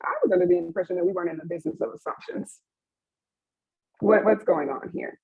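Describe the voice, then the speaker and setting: A young woman speaks candidly on a webinar panel, her voice husky and breathy. The sound is dry and narrow like a phone line, recorded over a video call. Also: fairly low pitch, fast, no echo. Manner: open and emotional, with frequent laughs and fillers.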